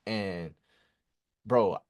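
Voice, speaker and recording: Young male musician guest, low-ish voice, animated slangy storyteller. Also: extremely slow. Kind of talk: casual storytelling in an interview.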